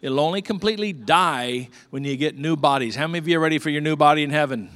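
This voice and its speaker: A middle-aged man preaching a sermon as a pastor, telling stories with lively swings from quiet to loud. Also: a little high, fast, hardly any pauses.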